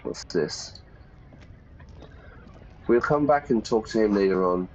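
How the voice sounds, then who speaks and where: A man teaching English over a video game in a casual, chatty way. He reads lines aloud and explains words in a fairly low voice. The sound is slightly dull. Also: expressive, slow, slight background noise. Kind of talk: casual let's-play lesson.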